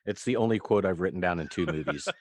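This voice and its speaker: Recording remotely from his own room, a man co-hosts a casual movie podcast, rambling and laughing a lot as he recaps scenes. His voice is low and a little mellow, with a quick pace and no echo.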